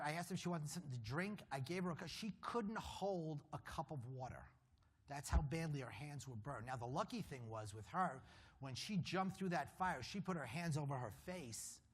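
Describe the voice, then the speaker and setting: Man, conference speaker, husky voice, slightly high pitch, dramatic pauses, wry asides. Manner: dramatic pauses, voice dropping low at grave moments. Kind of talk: dramatic personal storytelling talk.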